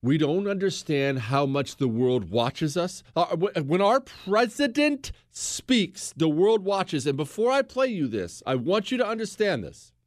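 A man's voice: a little high, a little slow, hardly any pauses, no room sound, clean studio sound. An American man hosting a political talk show, speaking emphatically and acting out quotes. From United States. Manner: animated, emphatic, acts out quotes.

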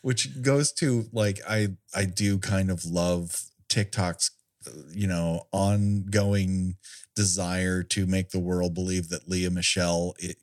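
A man's voice: low-pitched, takes it slowly. A man co-hosting a casual chat, joking and laughing often as he riffs. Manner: jokey, animated, laughs often. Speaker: podcast co-host.

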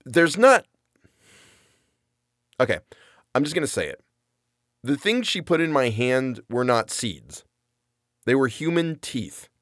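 A man's voice: mid-range voice, sing-song, takes it slowly, long pauses, a bit bright, dry recording, studio quality. A man narrating a comedic first-person story in a wry, self-deprecating, rambling way.

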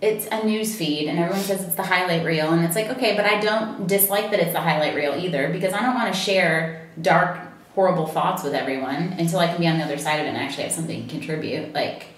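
A woman's voice: fairly low pitch, fast. A woman, co-hosting and telling stories animatedly, acting out the voices. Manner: animated storyteller, acts out dialogue. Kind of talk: casual chat, storytelling. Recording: very echoey, distant from mic.

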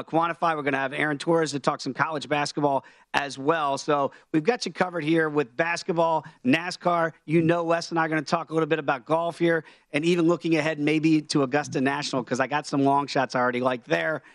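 A man's voice: fairly high pitch, fairly even intonation, fairly quick, few pauses, fairly bright tone, no room sound. A man, a guest sports betting host, talking through his picks in a confident, chatty way.

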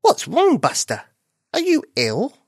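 A man voicing an eager, helpful young male bunny in a high, exclaiming voice. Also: wildly swooping pitch, slow pace, husky, no echo, studio quality, heavily acted. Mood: concerned.

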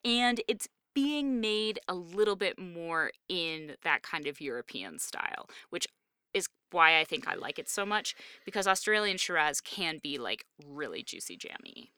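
A woman's voice: lowish voice, big pitch swings, unhurried, pushed and bright, clear, resonant tone, no room sound, clean studio sound. A woman co-hosting a podcast in casual chat, talking knowledgeably with plenty of "um" and "like". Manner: chatty, frequent "um" and "like", knowledgeable about wine. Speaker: podcast co-host discussing wine and film.

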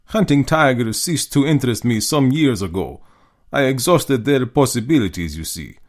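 A man voicing a suave, menacing aristocratic hunter in a storybook reading, speaking slowly and courteously. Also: mid-range voice, expressive, pitched above the performer's own voice, natural voice. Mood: measured menace. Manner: slow, measured, courteous.

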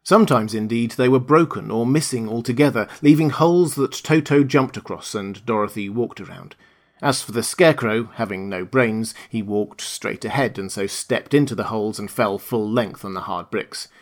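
A man narrating a classic children's tale in a calm, measured reading. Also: fairly low pitch. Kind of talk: storybook narration.

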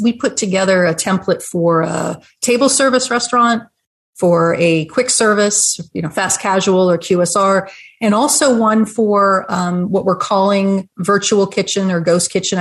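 A woman's voice: mid-range voice, normal speed. A woman who consults and teaches, giving a friendly, explanatory talk in a webinar conversation. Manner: explanatory, friendly, laughs now and then. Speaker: restaurant business consultant and educator.

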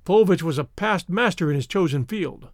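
Guy reading an adventure audiobook, high voice, really lively and expressive, dry close mic. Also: normal speed, dry recording. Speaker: audiobook narrator. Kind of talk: scripted narration.

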